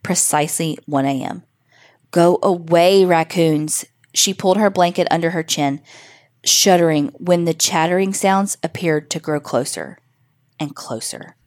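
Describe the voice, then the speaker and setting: Woman reading a creepy kids story, lowish voice, slow and suspenseful. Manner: measured, suspenseful. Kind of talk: scripted spooky story narration for children.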